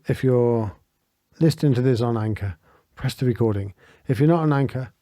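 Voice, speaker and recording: A middle-aged man hosting a reflective podcast, talking in an earnest, gentle and heartfelt way, chuckling often. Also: medium pitch, no room sound. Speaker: podcast host and spiritual teacher.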